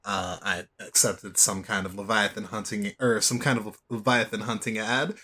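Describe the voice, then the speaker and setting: A man's voice: lowish voice, fairly even intonation, moderate pace, pushed and bright, husky. A man playing a character in a tabletop game, playful and joking. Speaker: player. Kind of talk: tabletop role-play.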